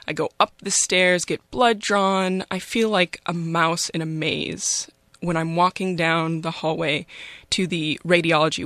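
A young woman telling a personal story in a wry, conversational, self-mocking way, pausing often on "um". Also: fairly low pitch, fairly bright tone, dry recording.

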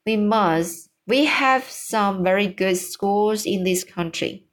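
A composed, dignified queen with formal speech, as a woman reads her part. Her lines come slowly and evenly. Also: mid-range voice, natural voice.

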